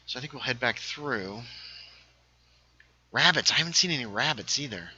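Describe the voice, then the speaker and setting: A man hosting a casual gaming livestream, chatting while he plays, reading viewer comments aloud and sometimes dropping into hushed asides. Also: medium pitch, moderate pace, breathy edge, dry recording, lo-fi sound. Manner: lively, reads chat aloud, drops into hushed asides.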